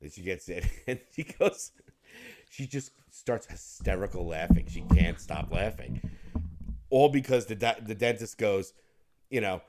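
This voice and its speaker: A man's voice: on the low side, expressive, a little slow, noisy background. A man co-hosting a podcast in casual chat, a rambling storyteller who laughs and curses freely. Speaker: podcast co-host.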